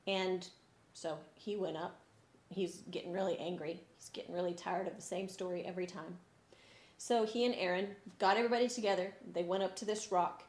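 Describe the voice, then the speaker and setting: Woman children's church teacher, expressive storytelling, echoey church room. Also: on the low side, normal speed. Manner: expressive, swinging between sad and lively. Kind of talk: Bible story lesson for kids.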